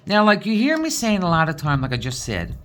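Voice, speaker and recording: A woman's voice: fairly low pitch, huge pitch swings, a little fast. A woman with a Newfoundland accent, chatting casually and rambling as she sorts her diamond painting supplies. She has a folksy manner and often ends sentences with "boy". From Newfoundland, Canada. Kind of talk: casual rambling chat while sorting craft supplies.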